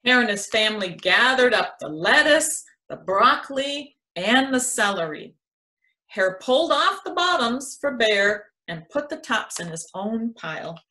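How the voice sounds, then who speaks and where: A woman educator reads a children's picture book aloud in an expressive storytelling style. Her pitch is fairly high and her pace unhurried.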